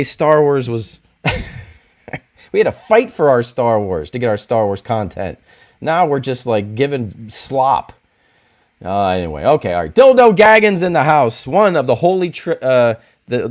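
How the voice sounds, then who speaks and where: A man in his forties hosting a livestream, chatting casually and joking as he reads out viewer comments. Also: mid-range voice. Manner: animated and joking, with frequent laughs and restarts. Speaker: livestream host.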